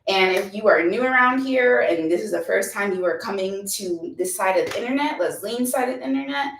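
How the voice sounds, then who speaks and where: A woman's voice: mid-range voice, expressive, brisk, a little hiss or hum. A woman yoga instructor guiding a class, upbeat and playful, chatty with whoops and laughter. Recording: echoey room, mic at a distance.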